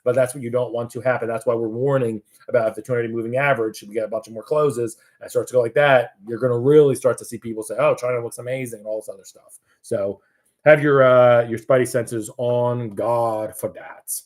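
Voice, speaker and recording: Man, casual market commentary, rambling, jokey, self-correcting, middle pitch. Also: steady tone, fast talker, darkish tone. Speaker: market analyst host.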